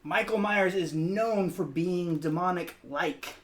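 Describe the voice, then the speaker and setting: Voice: medium pitch, slow, a crowd in the background. A player arguing a case at length over a card game, with laughter in between.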